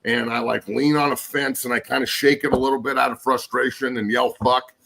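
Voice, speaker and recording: A man's voice: mid-range voice, little pitch movement, a little fast, gravelly, bright, forceful tone, rough recording. A man in his forties, a guest and former pro football player, ranting angrily and cursing in casual podcast chat. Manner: angry, profane ranting.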